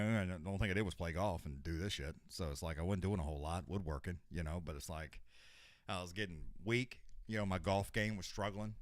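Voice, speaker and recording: A man's voice: sits low, dry recording, clean studio sound. An older man hosting a live stream, chatting casually in a rambling, profane way with lots of restarts. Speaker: host of a live fight companion stream.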